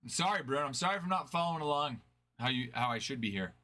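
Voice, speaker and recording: A man's voice: medium pitch, lively intonation, fast, pushed and bright. A man hosting a card break stream, chatting casually and answering viewers' chat.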